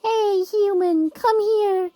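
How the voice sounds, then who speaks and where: Woman doing a high thin-voiced talking clam. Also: steady tone, slow pace, warm tone, dry recording, faint music behind. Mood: coaxing.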